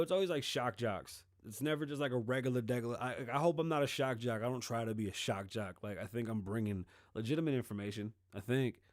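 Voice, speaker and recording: A middle-aged man hosting his own show, talking loose and sarcastic, with plenty of swearing and the dry mouth of someone who says he is high. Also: dry recording. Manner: loose, rambling, profane and sarcastic. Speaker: show host. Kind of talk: casual political commentary.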